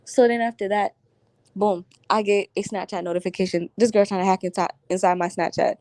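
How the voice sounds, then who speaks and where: A woman's voice: medium pitch, a little fast, no room sound. Slangy, laughing woman telling a storytime. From Florida. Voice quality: slangy, animated, laughs often. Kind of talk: casual storytime chat. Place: at home.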